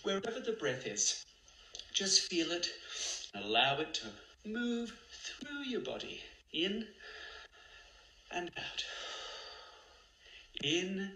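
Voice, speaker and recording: A man hosting a comic guided meditation in a camp, sardonic manner, his pitch swooping up and down. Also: sing-song, takes it slowly, pauses often, sharp tone, reverberant, low-quality recording. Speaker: comedy host. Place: home, livestream.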